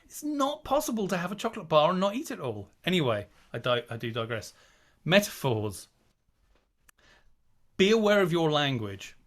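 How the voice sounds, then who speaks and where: Chatty man, slightly high voice. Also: sing-song, moderate pace, long pauses. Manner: chatty, digressive, acts out quoted inner voices. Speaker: guest speaker on wellbeing. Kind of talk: casual talk on a video call. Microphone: video call.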